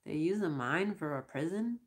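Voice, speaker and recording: A woman voicing a big male crewman who speaks calmly and slowly. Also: low-pitched. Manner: calm, slow. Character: big blonde male crewman, slow and calm.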